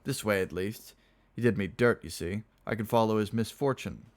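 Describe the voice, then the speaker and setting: A man's voice: on the low side, moderate pace, lightly acted. A man playing Semperak, a vain old cremator. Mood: mannered. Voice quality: slight stutter. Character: fussy aging male senior cremator, vain and stuttering.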